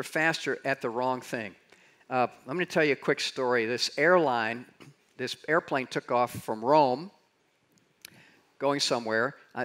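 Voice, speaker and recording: An older man giving a conference keynote, telling stories and acting out quotes with big swings in his voice. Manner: animated storyteller, acts out quotes with big jumps in pitch. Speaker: conference speaker. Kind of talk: keynote talk on leading change. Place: conference stage in a large hall.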